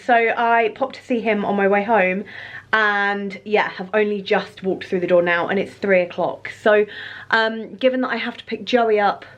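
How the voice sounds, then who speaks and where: A British woman in her thirties chatting casually to camera in a rambling, self-deprecating vlog. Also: medium pitch. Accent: British English. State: pregnant. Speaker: vlogger.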